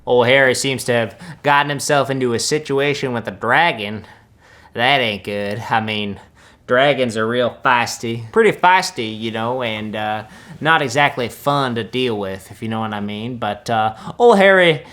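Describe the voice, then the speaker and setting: A man's voice: mid-range voice, moderate pace, a bit bright, natural voice. A young man, playing a boastful country-boy wizard who reacts to films in a laid-back, rambling drawl full of folksy asides. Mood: smug. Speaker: comedic film reactor. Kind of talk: deadpan comedic reaction.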